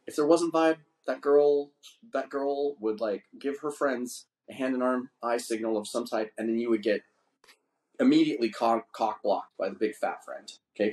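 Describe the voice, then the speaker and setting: A man's voice: mid-range voice, a little mellow. Profane, boastful man telling a story. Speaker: podcast host. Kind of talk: casual storytelling chat.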